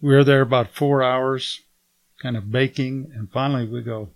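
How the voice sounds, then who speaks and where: An older man shares a personal testimony as an animated storyteller. He talks at a middle pitch and slips into other people's lines as he recounts events. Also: normal speed. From United States. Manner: lively storyteller who acts out the dialogue. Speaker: guest giving a testimony.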